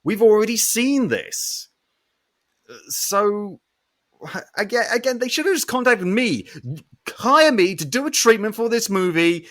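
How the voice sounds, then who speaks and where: Male podcast host, fairly high-pitched, animated and ranty, casual film review chat. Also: unhurried. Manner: animated ranting with frequent swearing.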